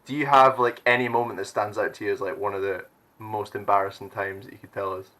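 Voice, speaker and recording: Upbeat guy hosting a youth stream, bright voice, laughs a lot. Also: fairly low pitch, fairly even intonation, fast, low-quality recording. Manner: upbeat, chatty, laughs often. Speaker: youth leader and stream host. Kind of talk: casual chat.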